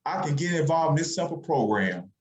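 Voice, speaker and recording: A man's voice: fairly high pitch, very animated, a little fast. A man giving a fervent motivational sales talk on a conference call, stacking repeated phrases. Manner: fervent, repetitive, builds up phrases. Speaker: speaker on a business call. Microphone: conference call line. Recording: echoey call audio.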